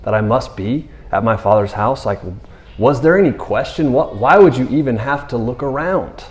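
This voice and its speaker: A man preaching a sermon in a relaxed, conversational way, acting out quotes playfully. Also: mid-range voice, moderate pace, reverberant. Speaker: pastor.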